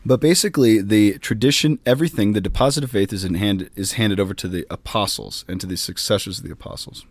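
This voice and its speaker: A man's voice: on the low side, fast talker, no echo. A man who is a priest, co-hosting a casual podcast and explaining church matters with chatty asides and jokes.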